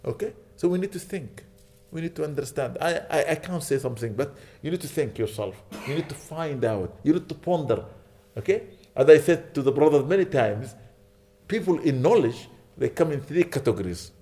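A man's voice: fairly high pitch, lively intonation, normal speed, dark tone. A man preaching a sermon in a mosque, emphatic and repetitive, often checking in with his listeners and weaving in Arabic phrases and recitation. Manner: emphatic, repeating points and checking in with "Okay?".

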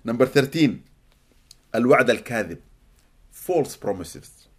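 A man from Sudan, giving an animated, expressive religious lecture to a live audience in a hall and often laughing. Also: medium pitch, moderate pace, breathy edge. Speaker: Islamic teacher.

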